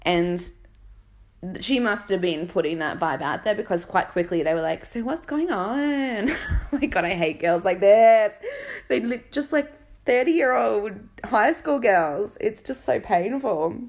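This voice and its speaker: A woman's voice: mid-range voice, expressive, unhurried. A woman, casually recapping a reality show, blunt and indignant, with many fillers and restarts. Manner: chatty, blunt and indignant, with fillers and mocking quoted voices.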